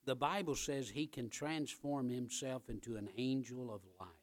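A male pastor preaching a sermon in church, emphatic and repetitive, building up to loud, driving peaks. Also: medium pitch, moderate pace.

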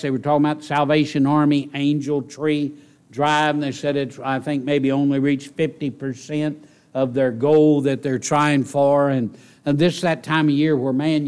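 A man's voice: fairly high pitch, clean tone. Male preacher for a sermon, conversational asides, builds to emphatic peaks. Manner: earnest, builds from quiet musing to raised emphatic preaching; conversational asides, direct questions to the congregation.

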